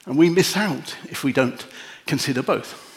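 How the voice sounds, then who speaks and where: A middle-aged man preaching a sermon and leading a prayer, gentle and reflective with long pauses. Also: on the high side, vocal fry. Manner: emotional, easily moved.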